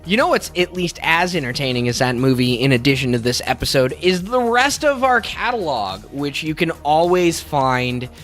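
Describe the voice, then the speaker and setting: A man's voice: on the high side, sing-song, moderate pace, few pauses, a bit bright, soft background music. A man co-hosting a movie podcast, ranting and joking in casual chat. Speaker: podcast co-host.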